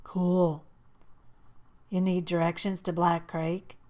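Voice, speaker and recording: A woman voicing a big, shy teenage boy with a Southern accent and a soft drawl. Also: sits high, little pitch movement, takes it slowly. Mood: shy friendly.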